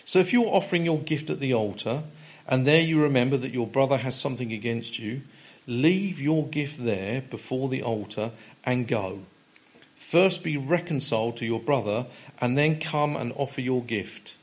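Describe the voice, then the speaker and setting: Man preaching with firm emphasis. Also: mid-range voice. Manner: reads scripture aloud, then explains with emphatic stresses; unscripted, with filler pauses and restarts. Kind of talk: expository sermon.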